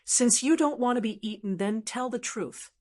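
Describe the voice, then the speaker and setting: A woman's voice: on the high side, normal speed, a little mellow, pitched above the performer's own voice, close to an everyday voice. A woman voicing a curious, mild older male companion in an audiobook, plain and direct.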